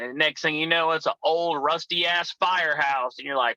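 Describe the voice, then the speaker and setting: Young adult man, wrestler guest, swears nonstop, rambles off on tangents, bright forceful tone, dry close sound. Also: fairly high pitch, steady tone, moderate pace, hardly any pauses, no room sound, low-quality recording. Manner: swears constantly, rambling tangents, acts out quoted voices. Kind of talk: profane storytelling chat.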